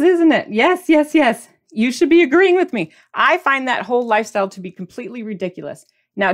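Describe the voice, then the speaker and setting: A woman hosting a podcast in a casual, animated and emphatic monologue. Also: fairly high pitch. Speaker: podcast host.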